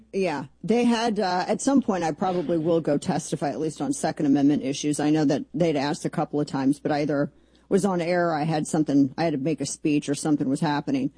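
Middle-aged lady on talk radio, sarcastic and mocking, warm husky voice. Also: sits low. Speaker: radio talk show host.

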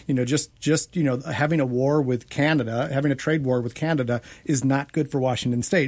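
Rambling man panelist, mid-pitched. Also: a little mellow. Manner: rambling, many fillers, slow to land. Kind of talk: political discussion.

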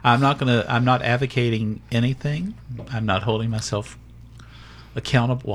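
A man's voice: on the low side, fairly even intonation, slight background noise. A man hosting a casual chat show, joking around and talking with many fillers and restarts. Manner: chatty, jokey, halting with fillers. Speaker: host.

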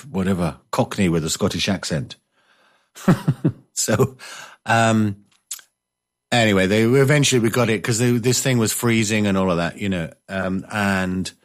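A man hosting a casual chat show, telling rambling stories with jokey, self-mocking asides and reading out listener messages. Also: on the low side. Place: indoors, living in coastal Spain.

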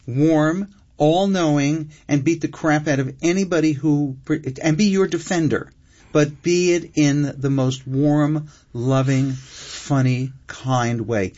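An older man, a writer guest, talking reflectively and emphatically, slowing down to drive points home. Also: a little high, a little mellow. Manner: expansive, emphatic, slows down for key points. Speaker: screenwriter guest. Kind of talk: reflective interview talk. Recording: dull lo-fi sound.

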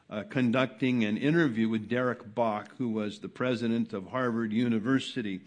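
A man preaching a sermon at a church service. He drops to a quiet, low murmur, then rises high and loud, and repeats words to drive each point home. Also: fairly even intonation, normal speed. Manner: impassioned preaching, swings from soft to loud, repeats phrases for emphasis. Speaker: pastor.

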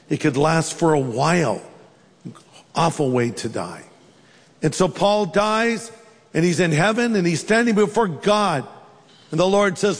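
A long reverb follows every phrase as a male pastor, his voice high for a man, delivers a sermon in a big church hall. His preaching mixes stories with funny asides.

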